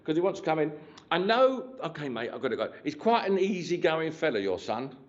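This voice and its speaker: A man's voice: a little high, big pitch swings, a little fast. A man giving a live mediumship demonstration in a church, chatty and joking with the congregation. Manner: chatty, joking, cheeky, restarts often. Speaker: spiritualist medium. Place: church hall. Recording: dull lo-fi sound.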